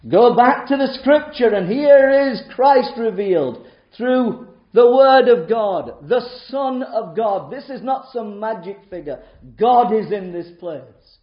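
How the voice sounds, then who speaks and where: A man with a high voice preaches a sermon in a roomy church, the sound a little dull. He presses his points with rhetorical questions and rises and drops sharply in loudness. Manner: emphatic, rhetorical questions, wide swings in loudness.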